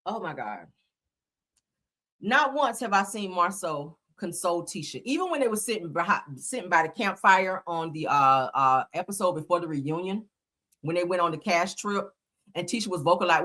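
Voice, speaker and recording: A woman's voice: lowish voice, animated, normal speed, a bit bright. A woman hosting a live show, giving blunt, profane commentary on reality TV and reading viewers' comments aloud. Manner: blunt, profane, emphatic, often laughing. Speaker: host.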